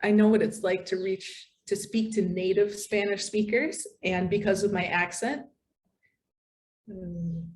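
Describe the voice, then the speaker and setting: A woman from the United States, a podcast guest, telling stories in a chatty, animated way with many fillers. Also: mid-range voice, unhurried. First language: English. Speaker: podcast guest, content writer. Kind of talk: casual interview chat.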